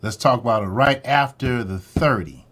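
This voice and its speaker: A man's voice: medium pitch, moderate pace, a bit bright. Chatty man hosting a livestream. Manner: chatty, repeats catchphrases, greets viewers by name. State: a little out of breath. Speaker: host of a morning drama-recap livestream. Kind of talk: casual livestream chat.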